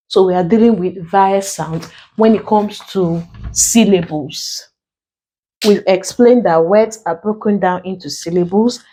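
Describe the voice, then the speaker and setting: A woman with a Nigerian accent teaching an exam prep English lesson, explaining slowly and repeating key terms. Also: medium pitch, dark tone. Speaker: English tutor.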